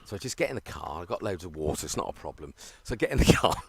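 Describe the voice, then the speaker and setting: Brief: male cricket commentator, low-pitched, animated, laughs through his tales. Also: rapid-fire, very noisy. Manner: animated storyteller, laughs often. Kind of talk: casual chat during live commentary.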